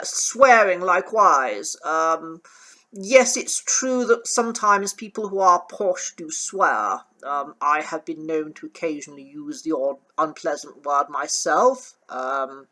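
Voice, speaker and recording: A man coaching, speaking in a measured, hesitant way with many ums, on an uneven recording. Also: high-pitched, pushed and bright. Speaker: accent coach. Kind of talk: relaxed talking-head commentary. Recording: uneven, poor sound quality in parts.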